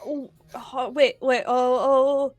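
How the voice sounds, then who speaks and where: A woman's voice: sits high, steady tone, extremely slow, dry recording, faint music behind. A woman player in a tabletop game, giggly and playful.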